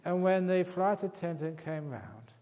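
A man giving a calm meditation talk, speaking gently and growing softer on key words. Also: sits high, measured pace. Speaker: meditation teacher. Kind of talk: dharma talk with a joke. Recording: long hall reverb.

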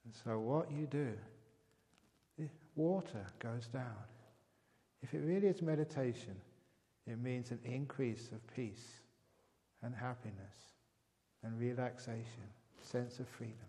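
A man giving a calm meditation talk, speaking gently and growing softer on key words. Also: medium pitch. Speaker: meditation teacher. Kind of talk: dharma talk with a joke. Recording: long hall reverb.

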